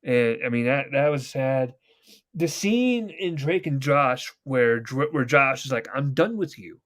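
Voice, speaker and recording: A man's voice: mid-range voice, lively intonation, takes it slowly, a bit bright. A young man hosting a casual podcast, rambling and swearing as he retells TV scenes at length. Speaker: podcast host. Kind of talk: casual chat.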